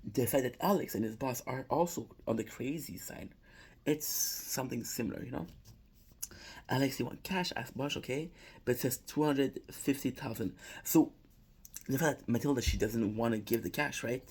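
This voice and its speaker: Rambling man recapping a video, husky. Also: medium pitch, normal speed, darkish tone. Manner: rambling, repeats "right?", frequent restarts and laughs. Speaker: commentator recapping a prank call video. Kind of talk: casual reaction commentary.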